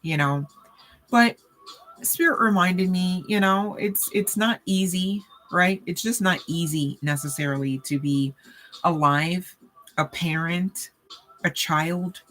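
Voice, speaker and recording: A woman's voice: fairly low pitch, slow, a bit bright. A woman giving a casual spiritual reading, chatty and conversational, often checking in with the listener. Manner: chatty, full of "you know" and "okay?" check-ins. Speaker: tarot reader.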